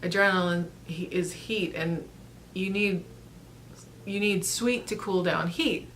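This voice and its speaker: Soft-spoken woman telling a personal story. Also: on the low side, slow pace, slight background noise. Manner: earnest, rambling, with frequent restarts and soft laughs. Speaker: vlogger. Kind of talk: casual storytelling to camera.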